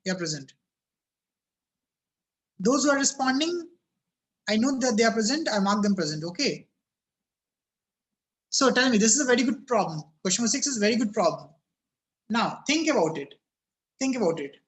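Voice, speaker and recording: A man's voice: high voice, big pitch swings, normal speed, pauses often, fairly bright tone. A man teaching a physics class over a video call, his voice cracking, repeatedly asking students "yes or no?" and telling them to think about it.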